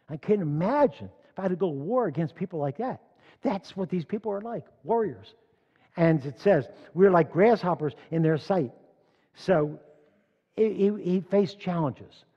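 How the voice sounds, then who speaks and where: Older man, sermon, storytelling, slightly high voice, long hall reverb, dull muffled sound. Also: slightly rough. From Philadelphia. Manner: storytelling, rising loud when reading scripture. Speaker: congregation leader. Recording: dull echoey church hall recording.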